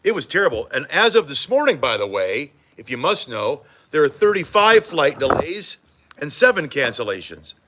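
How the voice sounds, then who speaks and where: Lively upbeat morning show host man. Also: a little high, normal speed, noisy background. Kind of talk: live morning TV banter.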